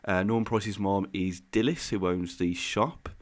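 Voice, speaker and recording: A podcast co-host chats casually, rambling through explanations with eager energy and laughing often. His voice is deep and steady, his pace a little slow.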